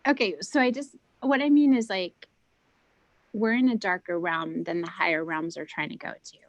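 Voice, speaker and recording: A woman's voice: on the low side, steady tone, normal speed, no room sound, dull audio. A woman chatting casually, rambling and interrupting herself with many fillers, keeping her voice down. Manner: speaks softly to keep her voice down. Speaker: guest on a spiritual round table. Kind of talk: casual chat.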